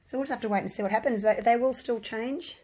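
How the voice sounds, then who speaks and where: A woman with a croaky voice, chatting casually to her viewers and thinking aloud as she works on a resin craft project. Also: fairly high pitch, fast, warm tone. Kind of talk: casual chat while crafting.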